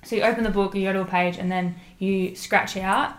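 A woman's voice: mid-range voice, fairly even intonation, brisk, rough recording. A young woman, chatting casually and laughing easily as a podcast co-host. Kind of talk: casual chat.

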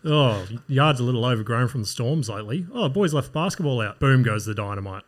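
A man's voice: medium pitch, animated, a little fast, natural voice. A man with an Australian accent voicing a smug, goofy lawn-mowing influencer in a parody vlog voice-over, with mock-upbeat patter. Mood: cheesy.

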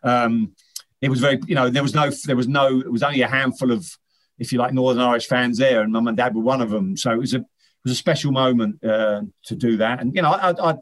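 A man's voice: mid-range voice, quick pace. A middle-aged man, a former footballer, chatting as an interview guest, telling rambling anecdotes with many restarts. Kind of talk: casual interview chat.

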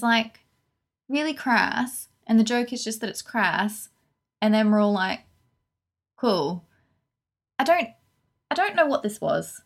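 Lively, opinionated woman. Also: fairly high pitch. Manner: animated, opinionated, frank. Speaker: podcast co-host. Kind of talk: casual film review chat.

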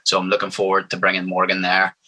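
Man, young, low voice, husky edge, hyped and cocky. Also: monotone, quick pace, bright, forceful tone, low-quality recording. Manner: confident, hyped, trash-talking. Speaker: MMA fighter guest. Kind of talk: casual interview chat.

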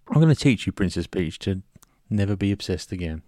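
A man's voice: low-pitched, lively intonation, fairly quick, few pauses, warm tone, dry recording, clean studio sound. A British man co-hosting a casual comedy podcast, playful and bantering. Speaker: podcast co-host, film expert.

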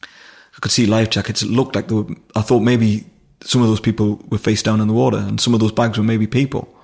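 Man, gravelly voice, flat delivery, emotional, halting, podcast guest. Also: on the low side. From Durham, England. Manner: halting, emotional, many restarts. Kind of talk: personal storytelling in conversation.

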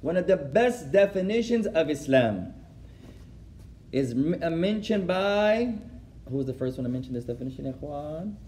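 A man gives a lesson in a mellow, fairly high voice. He moves back and forth between English and Arabic, repeating key phrases for emphasis and laughing at his own anecdotes. His delivery is that of a teacher addressing a class. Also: expressive, normal speed. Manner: switches between English and Arabic, translating as he goes. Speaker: Islamic teacher.

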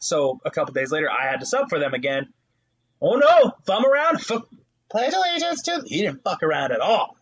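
A man's voice: a little high, a little fast, husky, highs cut off. A young man on a casual podcast, swearing often and acting out quotes while telling stories about substitute teaching. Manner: animated storytelling, swears a lot, acts out voices. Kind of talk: casual chat.

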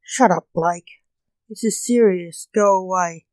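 Reader doing a worried magician dad in a story, short-tempered, slow delivery. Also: medium pitch, flat delivery, mellow, no echo, natural voice. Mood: urgent. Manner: snappish and urgent. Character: stern male magician, worried father.

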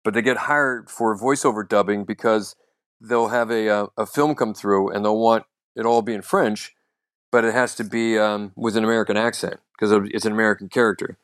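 A man co-hosting a casual podcast chat, telling stories in a rambling way with restarts, throat-clearing and lots of "you know". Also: fairly low pitch, steady tone, moderate pace, fairly bright tone. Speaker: podcast co-host, comedian.

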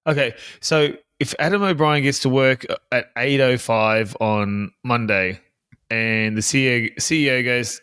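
A man co-hosting a sports podcast, chatting casually and firing off quick jokes and asides. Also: mid-range voice, a bit bright, smooth, no echo, clean studio sound. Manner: wisecracking, quick joking asides. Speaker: podcast co-host.

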